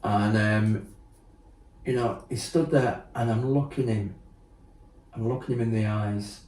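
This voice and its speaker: Blunt low-voiced man, roomy. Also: fairly even intonation, unhurried, darkish tone. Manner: blunt, swears, acts out quotes, many fillers. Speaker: podcast guest. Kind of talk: candid storytelling. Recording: roomy sound, distant mic.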